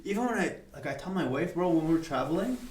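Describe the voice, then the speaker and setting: A man's voice: fairly high pitch, animated, fast talker, darkish tone, reverberant. A young man, a barber hosting a podcast, chatting casually with lots of filler words. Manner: laid-back, lots of "like" fillers. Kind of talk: casual chat.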